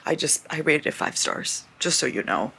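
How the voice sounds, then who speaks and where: A woman's voice: sits low, expressive, moderate pace, vocal fry, bright, forceful tone, slight background noise. A young woman chats at home in a casual reading vlog, her voice raw and upset from crying. She rants with big emotion, swearing freely, swinging between exasperation and disbelief. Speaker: book vlogger.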